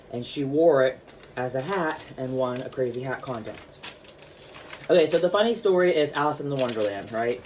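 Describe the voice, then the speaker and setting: A man vlogging, telling a personal story in a chatty, animated way with lots of fillers while showing his artwork. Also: mid-range voice, a little hiss or hum.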